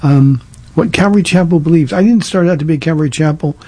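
A man's voice: fairly high pitch, quick pace, mellow, breathy edge, dry recording. A man who pastors a church, answering listener questions in a casual call-in format, earnest and conversational with frequent restarts. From Southern California. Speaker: pastor hosting a call-in radio show. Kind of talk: call-in Q&A talk.

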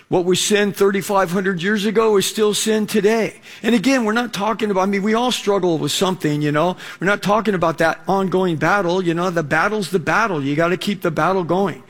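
A middle-aged man preaching a sermon in a conversational way, with lots of fillers, slowing down to read scripture. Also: sits high, steady tone. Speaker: pastor.

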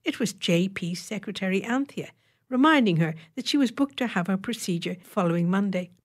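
A woman reading an audiobook in a measured, wry storytelling manner. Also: medium pitch, lively intonation. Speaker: narrator. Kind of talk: audiobook narration.

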